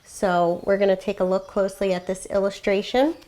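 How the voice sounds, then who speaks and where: A woman kindergarten teacher reading a picture book aloud, explaining words gently and pausing to ask the children questions. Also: medium pitch, flat delivery. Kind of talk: read-aloud lesson for young children.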